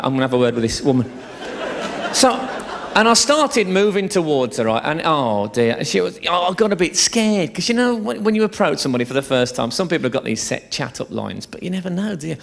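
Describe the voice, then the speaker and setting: A man's voice: high-pitched, gravelly, a bit bright. A man doing a live stand-up routine on a theatre stage, telling bawdy, swear-laden stories in a chatty way. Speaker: stand-up comedian.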